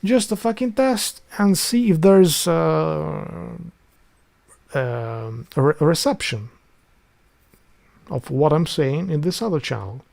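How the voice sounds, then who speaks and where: A man's voice: a little high, expressive, takes it slowly, vocal fry, pauses often, darkish tone. A man from Albania with an Albanian accent, chatting casually and rambling on a livestream with lots of swearing. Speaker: streamer.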